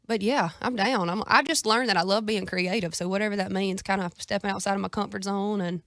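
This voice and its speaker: A young woman with a Southern US accent, chatting as a guest in a casual radio interview, folksy and quick to laugh. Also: mid-range voice, fairly even intonation, a bit bright, no room sound, clean studio sound. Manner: folksy, drawling, laughs easily. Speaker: guest singer-songwriter.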